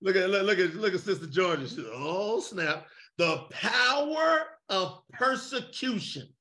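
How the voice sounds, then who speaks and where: A man preaching fiery call-and-response over a video call, emphatic and shouting, firing rhetorical questions at his listeners. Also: high voice, expressive, a little slow. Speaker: preacher leading an online gathering.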